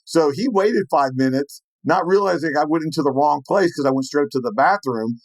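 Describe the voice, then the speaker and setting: A man recounts a story with lively energy, slipping into the voices of the people he quotes. His voice sits a bit high for a man. The sound is dry and close, with no room echo. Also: fairly quick. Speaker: penetration tester telling a story. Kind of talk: animated storytelling.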